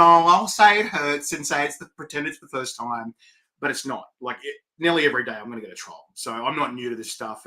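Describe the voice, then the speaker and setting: Upbeat man hosting, bright voice. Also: mid-range voice, poor audio. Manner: upbeat, chatty, laughs often. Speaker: host. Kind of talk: online video interview.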